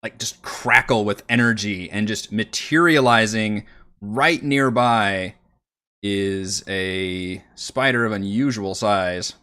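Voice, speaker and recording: Low-voiced man running a tabletop game. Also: takes it slowly, sharp tone, clean tone. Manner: hesitant, filler-laden description. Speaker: dungeon master.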